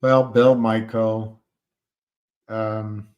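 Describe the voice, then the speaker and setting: A man with a fairly low, flat voice speaks extremely slowly, his darkish tone coming through on dull-sounding audio. He hosts a stock-market livestream and reads out viewer comments, rambling and hesitating with plenty of fillers and restarts, yet he turns emphatic and indignant whenever short sellers come up.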